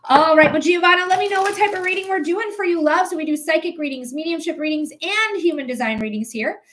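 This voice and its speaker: A woman in her thirties with a high, bright voice tells a long story on a live stream. She talks in a chatty, animated way, full of ums and casual swearing. She keeps breaking off to thank her viewers by name. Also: fast talker, poor audio. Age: 30s. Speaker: psychic streamer.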